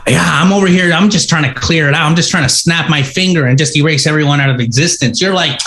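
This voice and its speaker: Male co-host, high voice, crude teasing banter with quick bits. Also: pushed and bright. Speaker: podcast co-host. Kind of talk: casual comedic banter.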